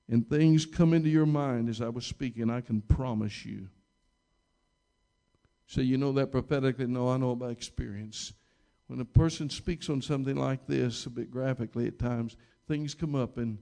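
A man's voice: gravelly, mellow. A man preaching a storytelling sermon, rambling with many restarts and repeated words, and getting emphatic at key points. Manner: emphatic, rising in pitch and volume at key moments. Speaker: pastor.

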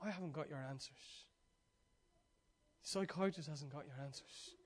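Animated preacher, high voice. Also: male voice, normal speed, slightly rough. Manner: animated, swings from loud urging to hushed near-whisper. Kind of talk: sermon.

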